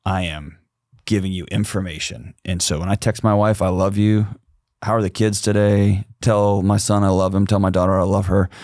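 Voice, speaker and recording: A man's voice: deep voice, normal speed, dry recording, clean studio sound. A man, a podcast guest telling personal stories and acting out the voices of the people in them. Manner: animated storyteller, acts out quoted voices. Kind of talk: storytelling conversation.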